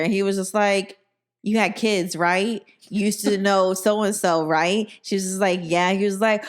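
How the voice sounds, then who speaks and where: A young woman hosting a podcast, telling a story in animated, profane casual chat and acting out the people in it. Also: mid-range voice, a little slow. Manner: animated, profane, acts out quoted voices. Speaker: podcast host.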